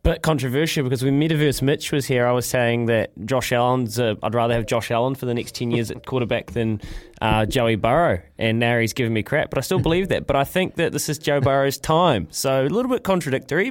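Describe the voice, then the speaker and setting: A man co-hosting a casual sports radio show, upbeat and animated. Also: mid-range voice, dry recording. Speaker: radio co-host.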